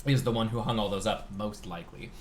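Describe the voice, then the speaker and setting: A player casually recapping the last tabletop session, rambling and animated. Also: mid-range voice, fast, a little hiss or hum.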